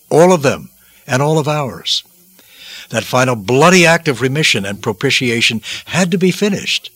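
Bright husky-voiced man preaching dramatically. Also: medium pitch, dry recording. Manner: dramatic, emphatic, with repeated phrases. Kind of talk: devotional sermon narration.

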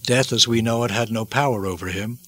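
Husky man preaching dramatically. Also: medium pitch, brisk, dry recording. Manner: solemn, theatrical, with sweeping swings in loudness. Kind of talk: dramatic sermon narration.

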